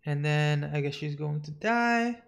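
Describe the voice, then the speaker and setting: A man reading a comic book aloud on a live stream in a fairly high voice. He narrates plainly and drops in casual asides. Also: animated, unhurried, creaky, smooth.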